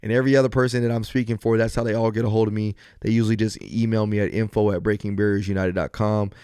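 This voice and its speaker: A man hosts a podcast by himself, with a smooth, clear voice recorded close and dry. He moves from earnest encouragement to loose, joking storytelling. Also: on the low side, flat delivery, fast talker, mellow, no room sound. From US West Coast. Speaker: podcast host. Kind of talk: solo podcast talk.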